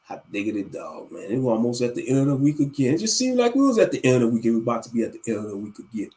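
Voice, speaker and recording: A man's voice: medium pitch, very animated, racing, mellow. A man hosting a casual livestream, ranting animatedly with plenty of cursing. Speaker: livestream host.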